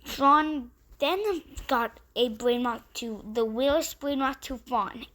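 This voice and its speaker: A woman's voice: high-pitched, fairly bright tone. Rambling woman telling a made-up story. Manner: rambling, run-on, with restarts. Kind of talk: improvised story narration.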